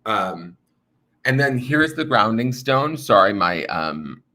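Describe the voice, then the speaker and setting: Chatty man with a low, bright voice. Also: big pitch swings, slow. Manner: meandering, chatty, talks to viewers. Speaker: tarot reader. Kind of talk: live-streamed tarot reading. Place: home room with an altar.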